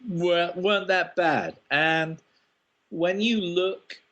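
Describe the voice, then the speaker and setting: A man's voice: high-pitched, slow, fairly bright tone, highs cut off. A man, a screenwriter, answering interview questions thoughtfully with ums and restarts. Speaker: guest, screenwriter.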